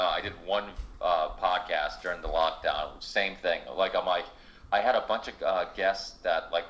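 A man with a very low voice hosts a casual podcast chat. He rambles through long stretches, restarting his sentences and swearing freely. The recording sounds somewhat dull and lo-fi. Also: fairly bright tone. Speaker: podcast host.

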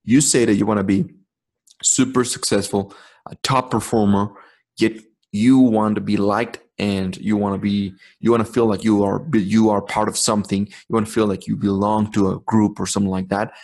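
Husky, profane motivational podcast man. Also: on the low side, level tone, normal speed, a little mellow. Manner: blunt, swearing, preachy and intense. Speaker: podcast host.

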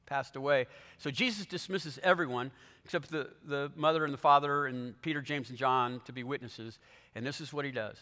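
Dramatic preacher guy, bright punchy voice, echo of a big hall. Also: a little high. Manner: animated storytelling, dramatic shifts in volume. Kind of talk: sermon. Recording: long hall reverb.

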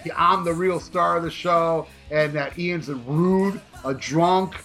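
A man co-hosting a podcast, telling a story in a rambling, profane, animated way with many restarts. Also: a little high, unhurried, faint music behind. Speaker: podcast co-host.

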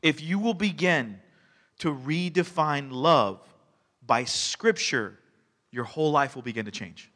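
A male pastor giving a sermon in a conversational, animated way, telling stories and laughing along the way. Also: fairly high pitch, unhurried. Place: church sanctuary. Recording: long reverb of a church hall.

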